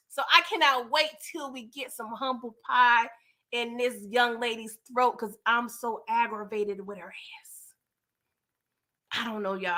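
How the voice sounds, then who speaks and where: A woman at home giving an animated, profane recap of a TV episode to her viewers. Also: on the high side, measured pace. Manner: animated, expressive, frequently cursing. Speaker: TV show recap YouTuber. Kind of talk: casual episode review rant.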